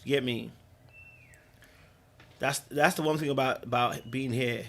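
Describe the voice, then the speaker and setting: Easygoing and full of slang, this British podcast host's livestream chat loops back on itself with frequent restarts. He speaks at a measured pace, his medium, fairly bright voice keeping a fairly even intonation.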